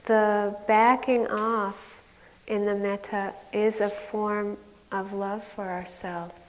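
Speaking slowly in a level, medium-pitched voice, a woman meditation teacher delivers a candid dharma talk at a retreat, telling self-mocking stories that often break into laughter. The meditation hall of the retreat center gives the recording a long reverb.

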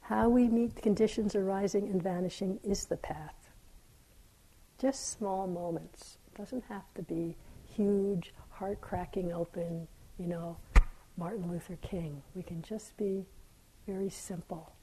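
A woman meditation teacher giving a gentle, reflective dharma talk, her voice sometimes falling to a soft near-whisper. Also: mid-range voice, fairly even intonation, unhurried, slightly rough, low-quality recording. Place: meditation hall.

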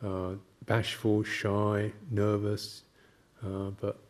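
An older man, a Buddhist monk, giving a gentle, halting reflective talk with anecdotes and soft laughs. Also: on the low side, completely flat delivery.

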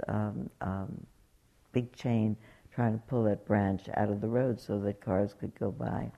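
A woman's voice: a bass voice, muffled recording. A woman meditation teacher giving a dharma talk, telling stories in an anecdotal way and acting out quotes. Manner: warm anecdotal storytelling, acts out quotes.

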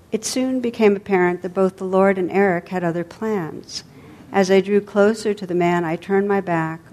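During a dharma talk, a meditation teacher shares a story with a gentle, unhurried delivery. She is a woman with a fairly low voice, and she lets each phrase trail softly away.

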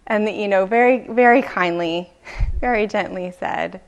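A woman meditation teacher giving a dharma talk, telling a story slowly and gently, with soft pauses. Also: medium pitch. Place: retreat meditation hall.

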